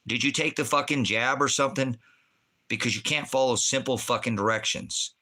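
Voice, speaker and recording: A man's voice: medium pitch, brisk, pushed and bright. A man hosting a livestream from Oregon, ranting angrily and swearing at chat viewers. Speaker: livestream host reading chat. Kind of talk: profane ranting livestream talk.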